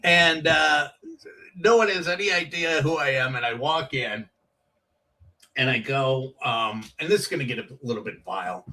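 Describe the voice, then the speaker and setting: A comedian telling animated stories from his years on the comedy circuit, acting out the voices of people in them. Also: mid-range voice, moderate pace, far from the mic, low-quality recording. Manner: animated storyteller, acts out quoted voices. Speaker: comedian guest. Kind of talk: casual storytelling.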